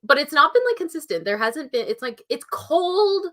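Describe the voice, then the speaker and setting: A woman's voice: sits high, very animated, normal speed, sharp tone. Chatty Canadian woman in her twenties. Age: 20s. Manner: chatty, laughs often, reads out chat messages. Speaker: writing channel host. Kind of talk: casual livestream chat.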